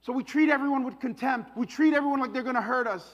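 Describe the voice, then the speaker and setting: High-voiced man preaching in a reverberant hall. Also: quick pace, lo-fi sound. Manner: conversational, shifts between hushed and emphatic. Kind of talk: sermon.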